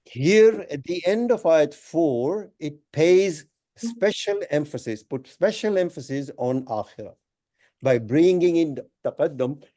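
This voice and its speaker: Mellow-voiced man teaching a scripture class. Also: fairly high pitch, lively intonation. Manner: measured, deliberate, with many pauses and emphatic phrases. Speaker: teacher of a Quran study class. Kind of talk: lecture explaining Arabic grammar of scripture. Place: Islamic center.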